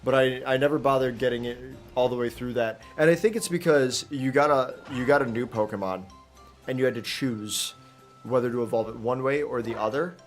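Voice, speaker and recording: A man streams a video game with faint music in the background, his mid-range voice brisk as he rambles casually through live gameplay commentary. His talk is full of fillers and restarts.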